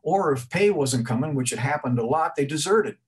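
A man's voice: on the high side, animated, brisk, breathy edge. A middle-aged man giving an informal history talk to an audience, conversational and rambling, with frequent restarts and asides. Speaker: museum speaker giving a talk.

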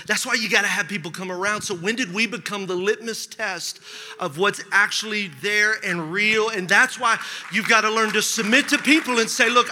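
A man preaching a sermon as pastor, telling a personal story with lively asides and humor. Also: sits high. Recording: large hall with long reverb.

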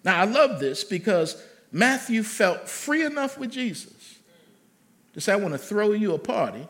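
A man pastor preaching a sermon, emphatic, swinging between loud calls and soft words. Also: high-pitched, very animated, moderate pace.

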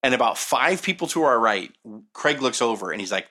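A man's voice: on the low side, brisk, gravelly. A man casually telling long, rambling anecdotes on a podcast, full of fillers and quoted voices. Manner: rambling, animated, many fillers. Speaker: podcast co-host telling stories. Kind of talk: casual storytelling chat.

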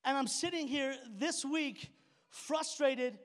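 A man preaching a sermon as pastor of his church, animated and conversational, full of rhetorical questions and asides to the congregation. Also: very high-pitched, slow pace, big-room sound. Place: church auditorium stage.

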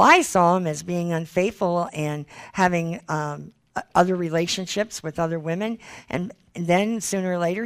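A woman preaching a sermon with personal testimony, earnest and pleading as she reads scripture aloud. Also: lowish voice. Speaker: Christian speaker.

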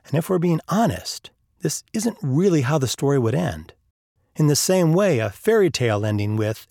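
A man's voice: on the high side, gravelly, darkish tone, no room sound, clean studio sound. A man narrating an audiobook chapter, telling a story and lifting his voice for the characters' lines. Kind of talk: audiobook narration with acted dialogue.

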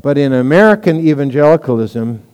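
A man's voice: fairly high pitch, lively intonation, brisk, darkish tone, clean tone, in a large hall. A man preaching a sermon as pastor, teaching in a conversational way with stories and asides.

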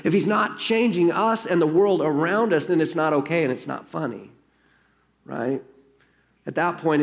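A man's voice: on the high side, creaky. A man preaching a sermon as pastor, earnest and conversational, reading a story aloud to his congregation.

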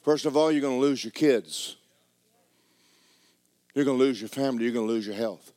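A man preaching a sermon, swinging from loud exhortation to quiet, joking asides. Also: medium pitch, moderate pace, dry recording.

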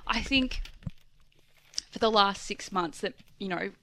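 Tearful woman co-host, halting chat with a faint noisy background. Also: medium pitch, a bit bright. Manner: emotional, halting, drops to a whisper when upset. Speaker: podcast co-host. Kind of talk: casual chat.

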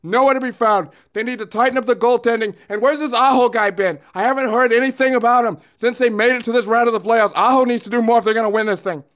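A loud-mouthed older hockey pundit holds forth in a very high, squeezed-up voice, as a man puts him on. He rants, bosses the listener around and hammers the same points again and again. It is a comedic sports commentary impression. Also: fairly even intonation, fast talker, hardly any pauses. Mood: ranting. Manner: rants, bossy, repeats himself. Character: blustering older male hockey pundit, opinionated and ranting.

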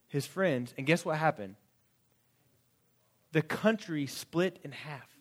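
A man delivers a sermon in a relaxed, conversational way, slipping in quick asides and acting out little quotes. His voice sits a touch higher than most men's. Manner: casual, animated preaching with quick asides and acted-out quotes. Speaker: pastor.

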